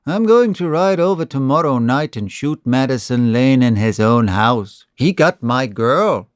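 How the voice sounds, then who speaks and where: Guy putting on a soft-drawling killer cowboy, slow and cold, dry sound. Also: medium pitch, lively intonation, clean tone, dry recording, close to an everyday voice. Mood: brooding. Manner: mild drawl. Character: cold young male outlaw, mild drawl.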